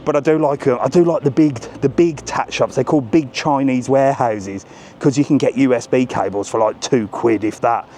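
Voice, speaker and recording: A man walks and talks on a live vlog, chatty and cheeky, addressing his viewers directly. His voice sits at an ordinary middle pitch. It is recorded outdoors on a handheld mic, with faint street and traffic noise behind him. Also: fairly quick, mellow. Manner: chatty, cheeky, talks straight to viewers and reads their messages. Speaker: travel vlogger on a live walking stream. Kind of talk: casual live-stream walking commentary.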